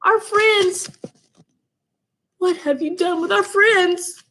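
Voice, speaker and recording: Storybook role: woman playing a grumpy female dog, high and frantic, full of swoops. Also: big pitch swings, unhurried, breathy edge, heavily acted. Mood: alarmed.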